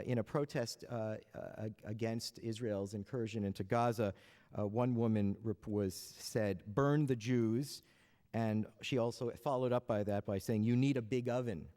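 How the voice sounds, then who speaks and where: Opening a panel before an audience in a large lecture hall, a man with a mellow mid-range voice trades in dry jokes. His lines are hesitant and packed with "uh"s, punctuated by wry asides, and the hall's reverb colors the recording.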